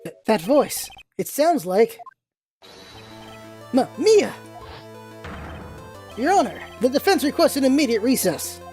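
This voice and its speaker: A woman's voice: high voice, very animated, slow, pauses often, dark tone, soft background music, pitched above the performer's own voice, heavily acted. A woman voicing an earnest young male defense lawyer from a game, hesitant and full of doubts. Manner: anxious, hesitant inner doubts. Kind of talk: reading game dialogue aloud.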